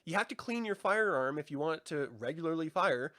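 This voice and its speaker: A man co-hosting a casual review show, relaxed and chatty, laughing often and swearing casually. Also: on the high side, a little fast, dry recording, clean studio sound. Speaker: podcast co-host.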